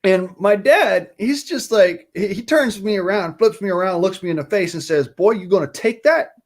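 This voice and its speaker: A man's voice: high voice, moderate pace. A man from Utah in casual chat, telling a rambling childhood story and cursing freely.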